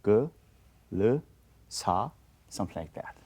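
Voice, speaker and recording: Man, fairly low voice, halting delivery, voicing syllables to demonstrate, panel discussion in a studio. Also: lively intonation, a little mellow, husky. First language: Korean. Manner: halting, searching for words, demonstrates syllables aloud. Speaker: roundtable panelist, choir teacher. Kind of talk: explaining diction at a panel discussion. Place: video studio.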